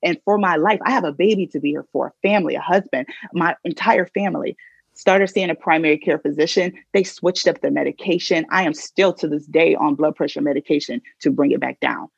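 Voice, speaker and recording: A woman guest on a podcast, telling a personal story with vivid, animated retelling, recorded a little dull and lo-fi. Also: sits low, brisk, vocal fry, breathy edge, no echo.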